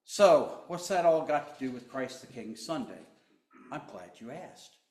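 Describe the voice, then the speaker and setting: A male pastor delivers a sermon at an unhurried, deliberate pace. His delivery swings from forceful emphasis to hushed near-whispers. The sound is roomy, with noticeable echo. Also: medium pitch, animated.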